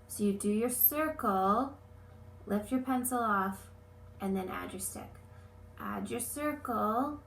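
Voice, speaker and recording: A woman teaching preschoolers a letter lesson and reading them a story, giving slow, patient instructions. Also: mid-range voice, gravelly, reverberant, slight background noise. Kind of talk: lesson and story read-aloud for young children.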